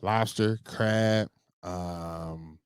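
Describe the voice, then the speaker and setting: A man in his thirties co-hosting a casual podcast, relaxed and jokey, laughing along. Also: deep voice, very slow, clear, resonant tone, no echo, studio quality. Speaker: podcast co-host.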